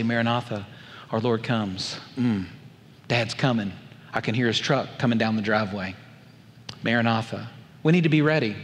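A man with a drawl delivers a sermon, weaving in a childhood story and acting out family voices. His voice sits fairly high for a man. Long reverb trails behind him, as if he is in a large hall. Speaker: pastor.

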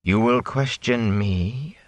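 A man reading an audiobook, voicing a commanding, imperious woman sorceress with slow, haughty speech. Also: on the low side, lively intonation, fairly bright tone, no echo. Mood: menacing. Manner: slow, measured, haughty delivery. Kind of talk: audiobook character voice.

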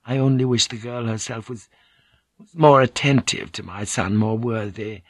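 A man's voice: medium pitch, fairly even intonation, normal speed, breathy edge, no echo, close to an everyday voice. A man voicing a refined, dutiful noblewoman and proud mother in an audiobook, speaking with slight shyness. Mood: fond. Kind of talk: audiobook character voice.

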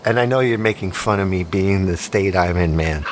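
A man in his fifties hosting a comedy podcast, rambling excitedly and joking. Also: deep voice, normal speed, few pauses, a little hiss or hum. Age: 50s. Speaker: podcast host.

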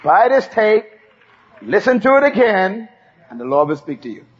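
A man's voice: sits high, very animated, moderate pace, husky. A man preaching a sermon, emphatic and repeating key phrases for the congregation to say back. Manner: emphatic call-and-response preaching. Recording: dull lo-fi sermon tape.

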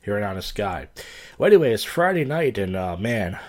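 Middle-aged drunk comedian hosting a solo podcast, low voice, loose and slurring. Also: male voice, sing-song, fairly quick. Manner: slurred, loose, crude, wandering storytelling. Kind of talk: rambling casual podcast monologue.

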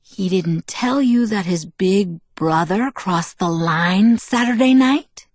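A woman's voice: on the low side, animated, slow, no room sound. A woman reading the part of a hot-headed, sarcastic teenage male werewolf who sneers and pushes back.

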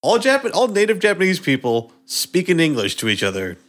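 A man's voice: on the high side, huge pitch swings, a little fast, fairly bright tone. A man from Minnesota chatting casually, hesitant and musing, with many restarts. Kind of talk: casual chat.

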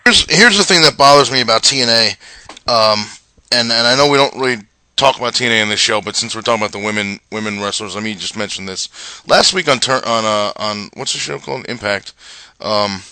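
A man's voice: lowish voice, fairly quick, pushed and bright, smooth, no room sound. A man co-hosting a wrestling podcast in casual chat, rambling and ranting with many fillers.

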